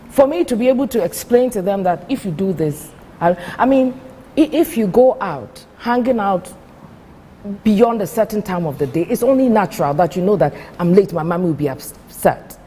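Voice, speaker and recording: A woman's voice: mid-range voice, dark tone, in a large hall, slight background noise. A woman hosting a TV talk show and asking her guests probing questions.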